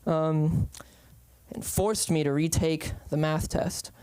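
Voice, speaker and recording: A young man rambles through an open-mic stand-up set, full of ums and restarts. His voice is smooth and clear, recorded close and dry, with no room sound. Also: a little high, slow, dark tone, dry recording. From San Francisco Bay Area. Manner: rambling, hesitant, lots of ums. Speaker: stand-up comedian.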